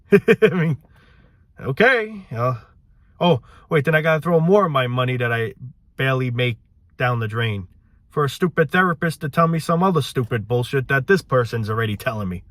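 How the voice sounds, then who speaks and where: A man's voice: on the high side, a bit bright, dry recording. A man hosting his own vlog channel, ranting in a loose, frustrated way, saying "man" often and swearing. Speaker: channel host.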